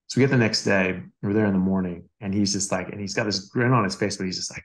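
A man's voice: deep voice, fairly even intonation, fast, few pauses. A man, a doctor co-hosting a podcast, telling a personal story in casual conversation, with many fillers and restarts. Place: Australia.

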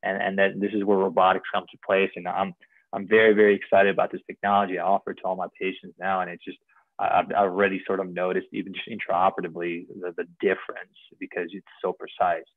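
A surgeon explaining knee surgery step by step, earnest and technical, often repeating words and numbers. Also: male voice, low-pitched, little pitch movement, fast, no echo. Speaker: orthopedic surgeon. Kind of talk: explaining surgery over slides in a live stream. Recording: tinny phone-like line, dry.

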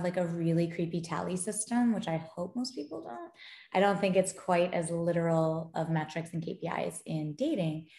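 A woman who founded a gaming company, a guest chatting casually in an interview and telling stories with animation and frequent laughter. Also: fairly low pitch. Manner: animated storyteller, laughs often. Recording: roomy echo.

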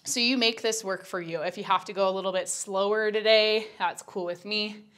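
Her voice sits at a medium pitch with fairly even intonation, moving at a moderate pace and sounding a bit bright. This young woman is a Pilates instructor teaching a workout, breathless yet talkative and candid as she counts reps and explains the moves.

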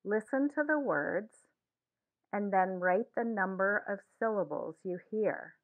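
A woman teaching a language lesson in a slow, deliberate scripted way, saying each word twice. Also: medium pitch, lively intonation. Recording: tinny phone-like sound.

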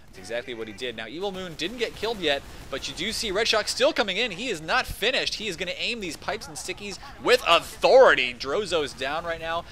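A man shoutcasting a competitive video game match, excitable and casual, rambling between calls. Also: on the high side, fairly quick, few pauses, a little hiss or hum. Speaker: esports shoutcaster. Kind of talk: play-by-play game commentary.

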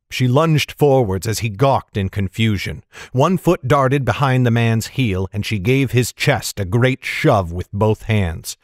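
A man narrating a fantasy novel in a steady, measured storytelling manner. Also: on the low side, dry recording, clean studio sound. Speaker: audiobook narrator.

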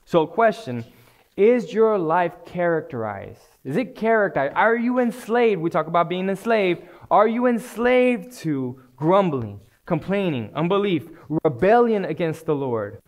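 A male preacher with a fairly high voice delivers a sermon. He is earnest, circles back to the same phrases, and presses his listeners with direct questions. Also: sing-song, a little slow. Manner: earnest, repeats phrases and asks pointed questions.

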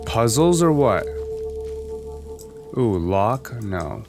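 A man doing let's play commentary, loud and cursing as he yells at the game. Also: on the low side, sing-song, drawn-out words. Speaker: gaming video host. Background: game music and sounds.

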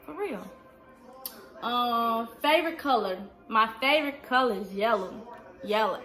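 Vlogger wanita muda bersuara cerah. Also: female voice, on the high side, normal speed, a bit bright. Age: 20s. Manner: chatty, fills with "like" and "um". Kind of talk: casual Q&A vlog. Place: indoors at home.

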